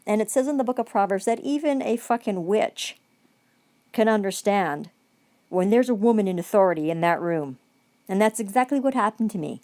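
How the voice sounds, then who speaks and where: A woman's voice: medium pitch, a little fast, a little mellow, no echo. Angry, profane woman ranting to camera. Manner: repeats phrases for emphasis. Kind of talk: ranting vlog monologue.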